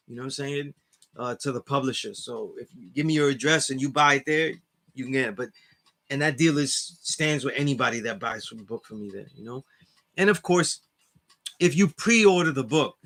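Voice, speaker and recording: A man with a New York accent talks loosely to his viewers, leaning again and again on "you know what I'm saying." His voice sits a little high and sounds bright and forceful. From New York area. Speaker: class instructor reading live chat. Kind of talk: casual livestream chat.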